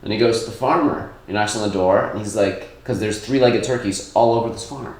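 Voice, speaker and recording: A man's voice: fairly low pitch, brisk, a little mellow. A man co-hosting a comedy podcast, telling jokes in casual chat with many fillers and restarts. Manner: rambling storyteller with many fillers. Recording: echoey room.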